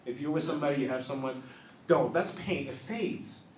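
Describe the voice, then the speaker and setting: A man in his thirties doing a stand-up set on a small club stage, telling confessional stories that swing from soft asides to loud punchlines. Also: medium pitch, moderate pace, a little hiss or hum. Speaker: stand-up comedian. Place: small improv club stage, live audience. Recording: roomy club sound from a distance.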